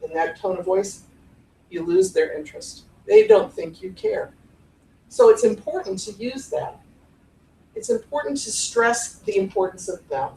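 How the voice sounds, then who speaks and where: A little slow, with a mid-range voice and vocal fry, this woman in her forties from the Cleveland area acts out tones of voice in a lively conference workshop on podcast voice technique. A distant, roomy live recording in front of an audience, it has a little hiss or hum.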